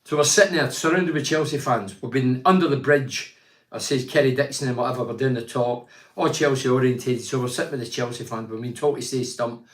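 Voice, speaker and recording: A man's voice: mid-range voice, fairly even intonation, a little fast, roomy sound. An older man from Teesside, hosting a casual chat show, reads out viewer comments and gives blunt, rambling opinions. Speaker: host reading viewer comments.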